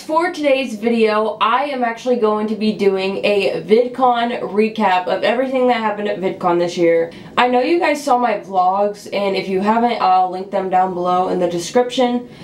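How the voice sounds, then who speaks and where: A young woman with a Californian accent, chatting casually in a vlog while sick and rough-voiced. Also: mid-range voice, roomy sound, slight background noise. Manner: chatty, uses "like" and "um" a lot. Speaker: vlogger.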